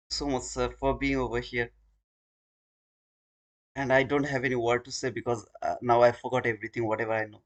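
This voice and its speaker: A man's voice: mid-range voice, flat delivery, normal speed, long pauses. A man hosting a live trading stream, talking to his viewers in an earnest, informal way.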